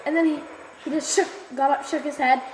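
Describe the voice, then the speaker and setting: A young woman casually telling a funny story with a giggly, animated manner and sudden loud outbursts. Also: sits high, fairly quick, a crowd in the background. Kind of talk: casual chat. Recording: noisy room with long reverb.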